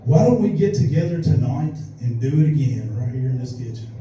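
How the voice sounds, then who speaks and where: A man voicing a horny male maintenance man in a deadpan mock-romantic tone during a stand-up bit. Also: medium pitch, brisk, dull audio, a little hiss or hum, voice pushed down, close to an everyday voice. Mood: mock-seductive. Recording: distant echoey club recording.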